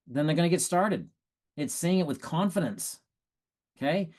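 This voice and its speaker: A man giving sales coaching tips in a lively, animated way, acting out prospects' lines and laughing at his own stories. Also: on the high side, moderate pace. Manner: animated, acts out prospects and quotes. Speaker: sales trainer. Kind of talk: coaching talk.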